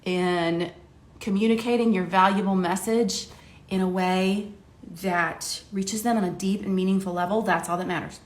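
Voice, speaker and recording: A chatty middle-aged woman from Ohio talks straight to the camera as she does her makeup, laughing often. Her voice sits at an ordinary middle pitch and carries an echo from the room around her. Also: fairly even intonation, moderate pace. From Ohio, USA. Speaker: makeup coach. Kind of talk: casual talk to camera while doing makeup. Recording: echoey room.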